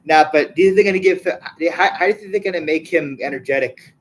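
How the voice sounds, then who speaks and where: A man hosting a casual podcast chat, asking rapid questions with many restarts. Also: fairly high pitch, poor audio. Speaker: podcast host.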